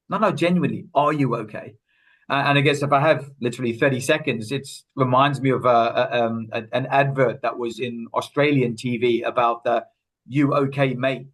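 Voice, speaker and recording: A man at an ordinary middle pitch, talking through a podcast interview. He is earnest and anecdotal and briefly acts out the lines people say. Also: a bit bright, rough recording. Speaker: student wellbeing officer. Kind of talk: casual interview chat.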